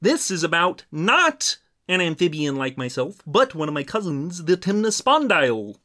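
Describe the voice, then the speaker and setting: A man's voice: fairly high pitch, very animated, moderate pace, pushed and bright, pitched above the performer's own voice. A man doing a light, playful frog voice as a joke, speaking as an amphibian talking about its cousins. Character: Kermit-style frog voice, cheerful amphibian.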